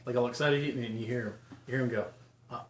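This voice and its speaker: A man's voice: medium pitch, fairly even intonation, fast talker. A man running a tabletop game as game master, casually describing scenes. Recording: roomy room with background noise.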